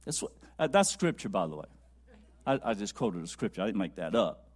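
A man preaches a sermon fairly quickly, with big pitch swings from loud, high-pitched exclaiming to low, quiet musing. He repeats lines for emphasis and drops to a near whisper.

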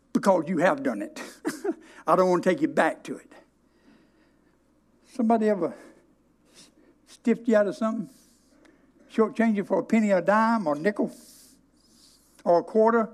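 A preacher, a man whose voice sits notably high for a man. He tells a story from the pulpit with emphatic delivery, stretching certain words out slowly for weight. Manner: storytelling, emphatic, with dramatic slow stresses. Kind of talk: sermon.

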